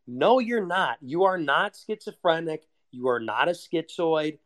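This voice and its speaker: A man's voice: medium pitch, measured pace, few pauses. A man delivering a heated, sarcastic, profane rant as a solo monologue. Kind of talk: ranting monologue.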